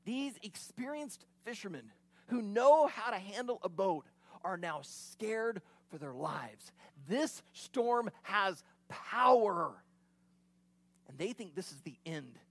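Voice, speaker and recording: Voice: mid-range voice, animated, slow pace, no room sound. Preacher, expository sermon, conversational storytelling, casual asides, dry close sound.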